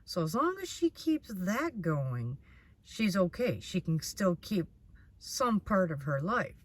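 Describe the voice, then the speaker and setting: A woman doing a casual tarot reading, speaking very slowly in a low voice. She is blunt, curses freely and circles back over her points. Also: big pitch swings. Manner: blunt, swears freely, repeats herself. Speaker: tarot reader.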